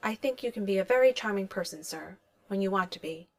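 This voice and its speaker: Woman reading a polite male AI butler, dry and formal, mid-pitched. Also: lively intonation, a little fast, lightly acted. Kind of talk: audiobook reading of fan fiction.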